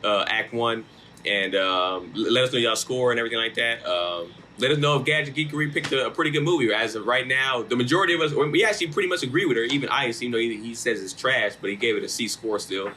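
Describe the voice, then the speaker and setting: A man's voice: mid-range voice, fast talker, sharp tone. Hyped man hosting a podcast over background noise. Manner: loose, hyped, slangy sign-off. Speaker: podcast host. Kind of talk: casual chat.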